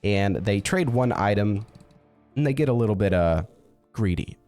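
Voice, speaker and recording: A man's voice: on the low side, animated, moderate pace, a little mellow, faint music behind. A man casually telling a story, chatty with fillers.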